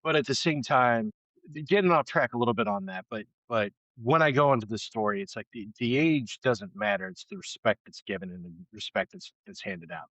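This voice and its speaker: A man's voice: mid-range voice, big pitch swings, a little fast, gravelly, fairly bright tone, no echo, low-quality recording. A man in his late forties co-hosting a podcast, chatting in a laid-back way with casual swearing. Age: 40s. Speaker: podcast co-host. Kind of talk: casual chat.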